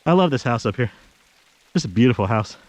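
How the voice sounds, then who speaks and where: A man of ordinary pitch chats his way along a snowy woodland trail, talking to the camera and calling firm commands to his dog. His voice comes through dry and close on an action camera. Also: expressive, brisk, no room sound, low-quality recording. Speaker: hiking vlogger. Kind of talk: casual narration while hiking. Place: snowy wooded trail outdoors.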